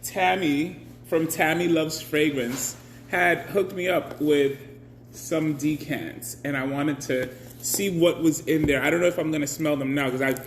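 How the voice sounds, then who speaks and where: Slow, chatty man hosting a live stream. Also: on the high side, a little hiss or hum. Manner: chatty, greets viewers by name; laughs often. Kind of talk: casual live-stream chat.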